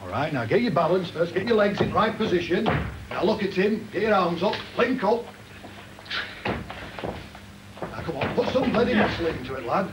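A gruff man training a wrestler in a gym, barking orders and encouragement. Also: sits high, very animated, moderate pace, long pauses. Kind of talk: coaching in the ring. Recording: noisy 1980 TV documentary sound.

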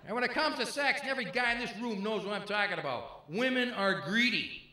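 A middle-aged male comedian trading punchy jokes with a crowd in a club. His voice is bright and swings up and down a lot. The room is echoey and carries a faint murmur. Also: high-pitched, expressive, fairly quick. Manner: brash, punchy, bantering with the audience. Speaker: stand-up comedian. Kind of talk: stand-up comedy.

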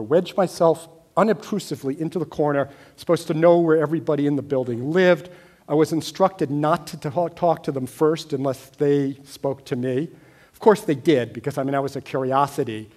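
A middle-aged American man telling a personal story on stage, wry and deadpan, growing animated at times. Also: mid-range voice. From United States. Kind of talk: storytelling talk.

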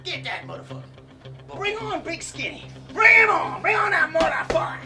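A swaggering, foul-mouthed young boxer, as a man acts him out, taunting in a high, strained voice that swings widely. Loud music plays behind him in this comedy sketch. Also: very animated, fairly quick. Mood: cocky. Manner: swearing, taunting, shouting. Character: foul-mouthed male boxer, young adult, cocky and aggressive.

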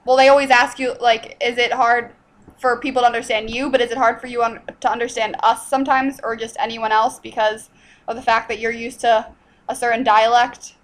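A woman's voice: on the high side, flat delivery, brisk, low-quality recording. A woman interviewing casually, asking long questions padded with fillers.

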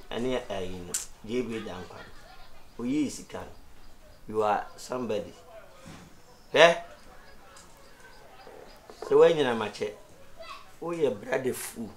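An animated Ghanaian father. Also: a little hiss or hum. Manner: animated, swings from loud scolding to low muttering. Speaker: father in a comedy series. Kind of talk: Ghanaian TV comedy acting.

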